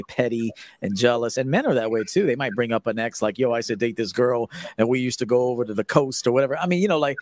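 A man's voice: medium pitch, no echo. A man hosting a call-in dating-advice podcast, giving blunt, profane coaching and acting out the lines he quotes. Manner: blunt, profane, emphatic, acts out quoted dialogue.

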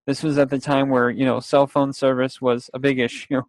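Young guy rambling thru a story, lots of restarts, dry close mic, mid pitch. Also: little pitch movement, a little fast, no room sound. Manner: rambling, with restarts, laughs and acted-out quotes. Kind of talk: casual storytelling.

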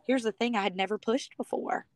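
A woman's voice: a little high, a little fast, no room sound. A woman from the United States telling her personal story as a guest on a podcast, chatty and heartfelt, with lots of "you know" and "like".

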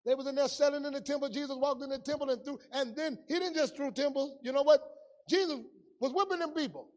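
High-voiced pastor preaching in a reverberant hall. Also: male voice, fast talker. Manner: conversational preaching, swings between loud and hushed. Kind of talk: sermon.

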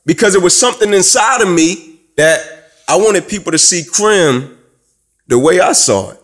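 A man from Atlanta tells his story in an interview. He speaks emphatically, like a preacher, and builds to loud, rising climaxes. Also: high voice, expressive, normal speed. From Atlanta, USA. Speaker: guest, former student.

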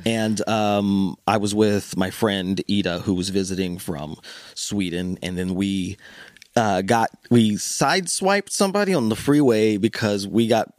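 Wry lower-voiced man, dry sound. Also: a little slow, a little mellow, no room sound. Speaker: podcast co-host. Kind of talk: casual chat.

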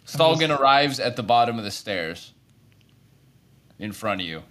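A man's voice: mid-range voice, sing-song, normal speed, a bit bright. Man narrating as a game master. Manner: rambling narration with frequent restarts and fillers.

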